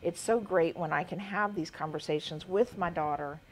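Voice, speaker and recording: A woman's voice: lowish voice, moderate pace, a little hiss or hum. Chatty woman hosting a quilting stream. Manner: chatty, laughs often, drifts off topic. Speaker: quilting show host. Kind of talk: casual livestream chat.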